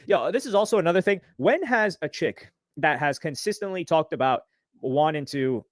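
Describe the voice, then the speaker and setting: A man's voice: on the high side, lively intonation, normal speed, dry recording, clean studio sound. A man co-hosting a livestream, commenting animatedly and reading out messages in a mocking tone. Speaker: livestream co-host.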